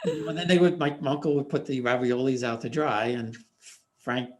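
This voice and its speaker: An older man hosting a casual interview, telling stories in a rambling, hesitant way with many pauses and restarts. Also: medium pitch, a little mellow. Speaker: interviewer, host.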